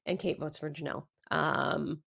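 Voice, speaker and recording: A woman with a slightly low voice hosts a casual recap podcast. She rattles through events in a loose, chatty way, often slipping into quick impressions of what people said. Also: fairly even intonation, gravelly, fairly bright tone, slightly rough. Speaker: podcast co-host.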